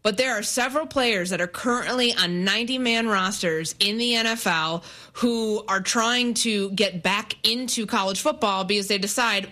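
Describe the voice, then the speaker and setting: Woman, sports radio host, bright voice, brisk teasing banter, careful news reading, studio mic. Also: mid-range voice. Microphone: studio microphone.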